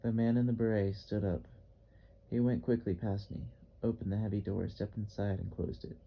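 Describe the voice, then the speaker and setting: A man narrating an audiobook in the first person, with measured, even storytelling. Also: fairly low pitch, vocal fry, dull audio.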